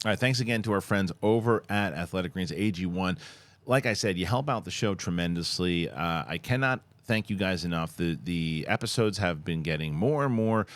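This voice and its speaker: A man hosting a podcast, telling stories in an animated way and laughing often. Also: low voice, fairly quick, no room sound. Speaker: podcast host. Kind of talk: casual chat and sponsor read.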